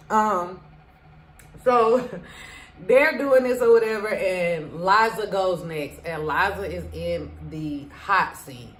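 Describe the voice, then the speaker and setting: A woman giving a casual, gossipy recap of a reality show from her home, retelling scenes in an animated, chatty way. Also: fairly low pitch, slow. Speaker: TV recap vlogger. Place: home room. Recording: echoey room.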